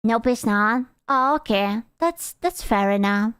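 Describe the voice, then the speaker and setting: A woman's voice: fairly high pitch, a little slow, a bit bright, smooth, no room sound, clean studio sound. A young woman streamer chatting casually with her chat, rambling, teasing and swearing freely.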